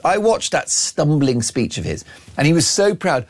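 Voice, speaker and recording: Brash, lively male radio host. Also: on the high side, unhurried. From Ireland. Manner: brash, mocking, self-aggrandizing banter. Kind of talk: opinionated comic monologue.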